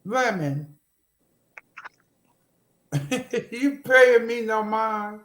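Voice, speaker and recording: A man's voice: sits high, expressive, extremely slow, a bit bright, echoey room, heavily acted. A man voicing a flirty, sassy woman host who sweet-talks and teases her guests on a casual chat show. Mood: coaxing. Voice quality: coaxing, teasing, sweet-talking.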